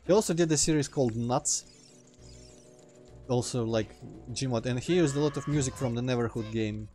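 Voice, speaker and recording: A man with a Russian accent chats loosely while he plays, his voice sitting at an ordinary middle pitch. He trails off mid-sentence and breaks into sudden exclamations at the game, over a faint bed of music. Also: moderate pace. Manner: rambling, self-interrupting, reacts loudly to the game. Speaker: let's play host. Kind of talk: casual gameplay commentary.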